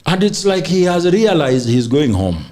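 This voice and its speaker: A man's voice: on the high side, big pitch swings, normal speed, warm tone. A man with a Kenyan accent, a political guest on a podcast, arguing emphatically and mixing Swahili into his English. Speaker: political guest, senatorial aspirant. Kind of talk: animated political podcast debate.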